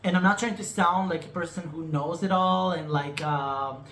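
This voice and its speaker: A man's voice: fairly high pitch, moderate pace, fairly bright tone, slight background noise. A man vlogging about his personal healing, talking in an emotional, rambling way that repeats itself and trails off, frank and a bit teasing with his viewers. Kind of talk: candid personal storytelling to camera. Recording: echoey room recording.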